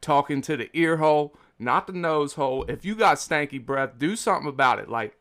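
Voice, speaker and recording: A man's voice: on the high side, expressive, brisk, fairly bright tone. A man hosting a casual podcast, ranting about pet peeves with lots of swearing and emphatic asides to the audience. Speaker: podcast host.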